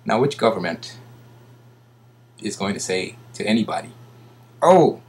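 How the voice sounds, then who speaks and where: A man giving a rambling casual monologue, swinging between loud bursts and hushed asides and mocking others in put-on voices. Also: fairly low pitch, steady tone, moderate pace, slightly rough.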